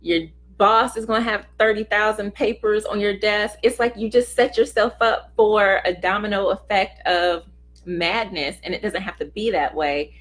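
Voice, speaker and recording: A woman's voice: medium pitch, steady tone, normal speed. A middle-aged woman hosting a casual motivational talk, speaking earnestly and conversationally and acting out short quoted remarks. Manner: earnest, conversational, acts out little quoted voices. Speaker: host of a self-help talk.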